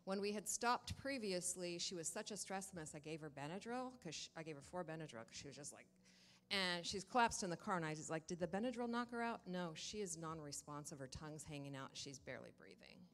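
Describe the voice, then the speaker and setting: A woman telling a congregation a personal story in a lively way, acting out the dialogue as she goes. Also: low-pitched, a little fast, in a large hall, a little hiss or hum. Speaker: church member giving a testimony. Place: church sanctuary.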